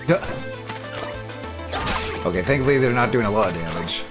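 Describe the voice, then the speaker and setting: Male streamer, casual wry game commentary, lively intonation. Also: lowish voice, moderate pace, loud music behind the voice. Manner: wry asides while reading game text.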